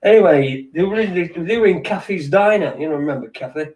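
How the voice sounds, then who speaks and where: A man's voice: fairly high pitch, expressive, a little fast, a little mellow. A middle-aged man, rambling in sweary, wry late-night chat as a podcast host, heard from a little way off the mic. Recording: distant from the mic.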